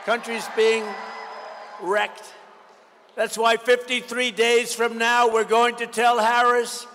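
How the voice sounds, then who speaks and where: A man in his seventies gives a combative rally speech, piling up repeated phrases and jabs. His voice sits high and sounds sharp and forceful. It rings out with a long reverb through a big hall, with a faint hiss underneath. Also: little pitch movement, takes it slowly. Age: 70s. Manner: combative, repetitive, riffing off the crowd. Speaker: political candidate. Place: large indoor expo hall.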